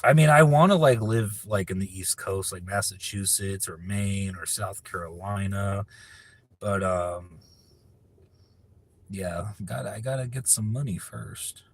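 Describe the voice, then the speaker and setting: A man's voice: on the low side, a little slow. A man from California chatting casually on a live stream, reading viewer questions aloud and answering in a rambling, profane way. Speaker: livestreamer answering viewer chat.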